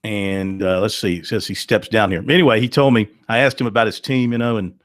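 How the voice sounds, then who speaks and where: A man's voice: lowish voice, fairly even intonation, fairly quick, no echo, clean studio sound. A man hosting a call-in sports radio show, chatting in a folksy, storytelling way with plenty of fillers. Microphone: studio microphone.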